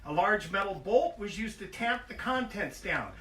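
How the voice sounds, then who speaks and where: Bright, high-voiced older man reading aloud. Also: expressive, normal speed. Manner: profane, self-mocking, wanders off into tangents. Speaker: author reading his memoir. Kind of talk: live book reading with comic asides. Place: bookstore event. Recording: echoey store room, heard from far off.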